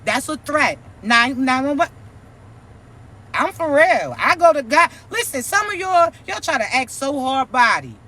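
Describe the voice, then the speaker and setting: A woman's voice: high-pitched, big pitch swings, measured pace, pushed and bright. A woman giving a profane, preachy, mocking vlog rant as a spiritual content creator.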